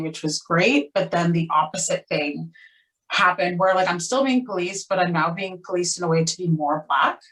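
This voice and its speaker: A young woman theater actor, candid and animated, talking on a panel with frequent "like" fillers. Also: fairly low pitch. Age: young adult. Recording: voice distant from the mic.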